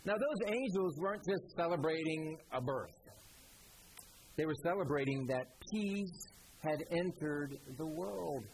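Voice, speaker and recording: A man's voice: a little high, lively intonation, measured pace, slight background noise, rough recording. A man giving a children's sermon, interactive, asking the kids questions and leading them through hand motions. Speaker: children's pastor.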